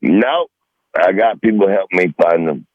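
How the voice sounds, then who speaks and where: A man's voice: low-pitched, measured pace, dry recording, highs cut off. A man in his sixties, a regular comedic guest, ranting in a combative, profane, rambling way on a podcast call. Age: 60s. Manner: foul-mouthed, combative, rambling. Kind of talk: profane rant on a phone-in podcast.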